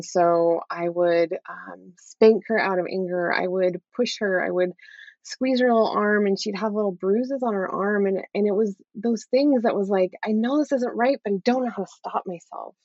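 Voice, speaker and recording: Speaking at normal speed with fairly even intonation, a woman in her thirties tells a personal story openly as an interview guest, frequently adding "right?". Her mid-range voice is a little mellow, and the lo-fi sound is dull and dry without any room sound.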